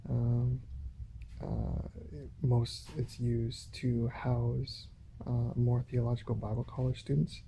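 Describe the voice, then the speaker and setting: A man speaks haltingly into his phone, with many pauses and restarts. His voice is very dark and flat. A faint hum of room noise sits behind him. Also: mid-range voice, gravelly. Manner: hesitant, full of pauses and restarts. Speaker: vlogger. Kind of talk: rambling phone monologue. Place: home in a shared residential building.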